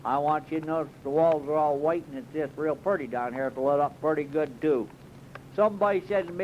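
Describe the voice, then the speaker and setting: A man's voice: fairly high pitch, brisk, a little mellow, slight background noise. A man doing a comic monologue as a cave tour guide, rambling in a folksy drawl with bouts of mock alarm. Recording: dull lo-fi recording.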